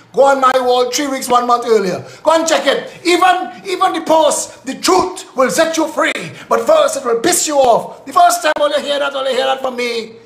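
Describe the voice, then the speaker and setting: A man's voice: very high-pitched, fairly bright tone, roomy sound. A Trinidadian man hosting a live show, delivering a combative, repetitive political commentary rant.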